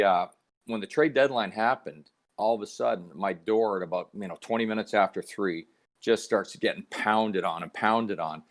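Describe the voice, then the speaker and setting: A middle-aged man from Canada, a hockey analyst, telling stories in a casual podcast chat and acting out the voices he quotes. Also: on the low side. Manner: animated storyteller, acts out quoted voices.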